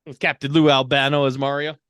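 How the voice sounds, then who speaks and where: A man's voice: medium pitch, little pitch movement, fast talker, a bit bright, clean tone, no echo, clean studio sound. A man co-hosting a casual podcast who says uh a lot and laughs easily. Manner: many uh fillers, laughs easily, upbeat. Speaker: podcast co-host.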